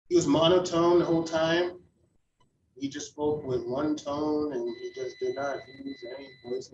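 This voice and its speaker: A man's voice: fairly high pitch, slight background noise. A man teaching a club audience how to give speech feedback, in a conversational, encouraging way and asking the audience questions. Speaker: club speaker teaching evaluation. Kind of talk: instructional talk to a club audience. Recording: echoey room, heard from a distance.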